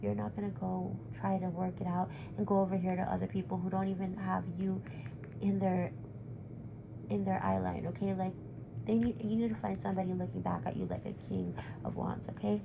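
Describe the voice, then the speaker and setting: A woman's voice: medium pitch, flat delivery, brisk, vocal fry, noisy background. A woman giving a live-stream tarot reading in a direct, reassuring way, her voice worn and close to giving out. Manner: direct, reassuring, calls the viewer honey. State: losing her voice. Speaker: tarot reader.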